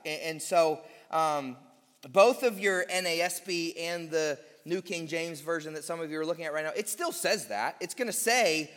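A man's voice: fairly high pitch, fairly bright tone. A man preaching a sermon as pastor, teaching emphatically and drawing out key phrases of scripture. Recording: long hall reverb.

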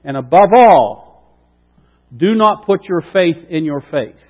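A man preaching a sermon with emphatic rhetorical questions, dropping quiet and then rising loud. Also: high-pitched, animated, slow. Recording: dull sound with long reverb.

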